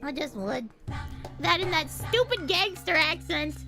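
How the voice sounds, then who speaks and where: A woman's voice: high-pitched, lively intonation, a little slow, creaky, loud music behind the voice. A woman streamer reading a visual novel aloud and chatting in a giggly, playful way. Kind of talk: casual game-reading stream.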